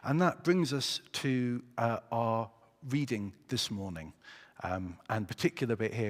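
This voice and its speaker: A man preaching in a church, in an easy conversational way, with pauses and a light joking touch. His voice sits at a middle pitch. A long reverb from the church hall hangs on his words. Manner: conversational, hesitant with fillers, joking. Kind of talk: sermon.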